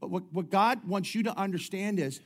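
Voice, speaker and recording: A man's voice: sits high, fairly quick. A middle-aged man preaching a sermon, talking in a chatty way with jokes and many restarts. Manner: conversational preaching with humorous asides and frequent restarts. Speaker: pastor.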